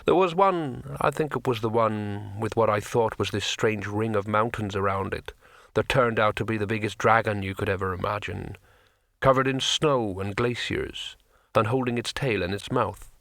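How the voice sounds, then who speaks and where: A man voicing a huge, gentle, melancholy male troll in an audiobook, speaking slowly and heavily. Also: fairly low pitch, gravelly, no echo, clean studio sound. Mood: reflective. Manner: slow, weighty, sorrowful. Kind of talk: audiobook character voice.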